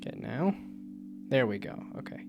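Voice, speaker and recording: Gravelly man thinking aloud while coding. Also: medium pitch, sing-song, normal speed, background noise. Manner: thinks aloud, muttering to himself, playful asides. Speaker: VTuber game developer streaming. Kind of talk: casual live-stream chat while coding. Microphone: desk microphone with loud keyboard clicks. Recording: music playing under a live stream. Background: guitar music.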